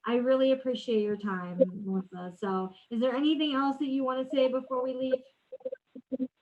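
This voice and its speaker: A woman's voice: high voice, fairly even intonation, moderate pace. A woman interviewing a colleague in a casual chat, talking loosely with restarts, over a video call. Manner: chatty, many restarts and fillers. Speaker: interviewer for a company Q&A. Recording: tinny phone-like audio.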